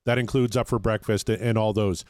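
A man's voice: lowish voice, fairly even intonation, fairly quick, a little mellow, no room sound, studio quality. A man hosting a music podcast, talking casually with jokes and crude asides. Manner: easygoing, joking, crude asides. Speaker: podcast host.

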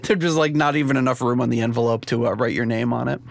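A man's voice: mid-range voice, quick pace, vocal fry, background noise. A man hosting a casual podcast live stream, rambling with lots of fillers and laughing easily, recorded at home. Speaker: podcast host. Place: home room with a CD rack.

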